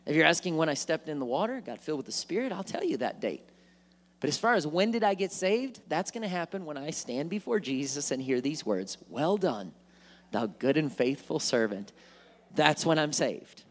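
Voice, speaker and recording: A man preaching a sermon in church, animated, acting out worried voices and joking asides. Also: fairly high pitch, moderate pace. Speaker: pastor. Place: church sanctuary.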